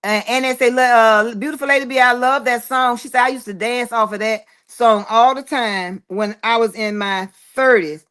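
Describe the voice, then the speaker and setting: A woman's voice: a little high, fairly even intonation, moderate pace, few pauses, fairly bright tone, clean tone. A woman hosting a casual livestream, reading viewer comments aloud and answering them in a chatty, drawling way. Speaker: livestream host reading chat. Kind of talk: casual live chat.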